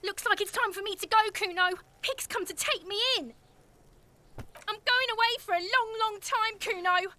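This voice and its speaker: A woman's voice: very high-pitched, moderate pace, pushed and bright, a little hiss or hum. A woman voicing a foul-mouthed, defiant street kid who taunts the police in a game dub. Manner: swearing, taunting, tough-talking.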